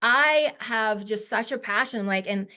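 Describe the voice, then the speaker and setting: A woman's voice: on the high side, unhurried, pushed and bright. Heartfelt chatty woman speaker. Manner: emotional, heartfelt, chatty with many fillers. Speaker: guest speaker. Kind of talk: casual presentation to a webinar audience.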